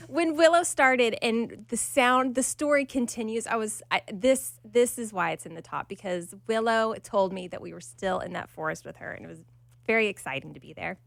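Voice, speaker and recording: Excited woman on a podcast. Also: a little high, moderate pace, gravelly, no room sound. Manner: excited, beaming. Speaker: podcast co-host. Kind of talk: casual podcast chat.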